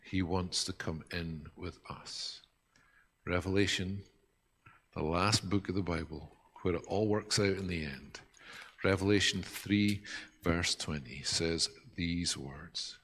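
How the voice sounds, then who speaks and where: Slow, deep-voiced man preaching. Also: slightly rough. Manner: earnest, reflective, drops to a soft hush at key points. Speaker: pastor. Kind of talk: sermon.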